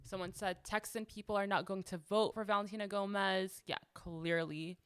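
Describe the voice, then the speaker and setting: Sassy, bright-voiced woman host. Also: medium pitch, fairly even intonation, moderate pace, clear, resonant tone. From United States. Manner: sassy, sarcastic, chatty with frequent "like". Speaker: podcast host. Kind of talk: casual commentary to camera.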